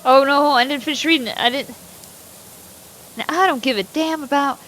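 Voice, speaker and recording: A woman's voice: sits high, moderate pace, pauses often, fairly bright tone, slight background noise. A woman streamer making joking casual asides while playing a game aloud. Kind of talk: casual gaming commentary.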